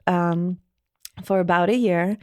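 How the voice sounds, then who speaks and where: Guest, woman from Iran: candid, reflective storyteller, slightly low voice, dry recording. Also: fairly even intonation, slow, no echo. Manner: reflective, frequent "like" fillers. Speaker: podcast guest.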